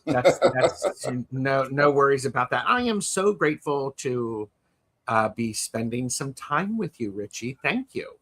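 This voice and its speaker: Slow-talking guy with a bright voice, playful tarot stream cohost on a video call, keeps restarting his sentences. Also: mid-range voice, lively intonation. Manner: chatty and playful, trailing off and restarting. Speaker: co-host of a tarot livestream. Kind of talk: casual live chat.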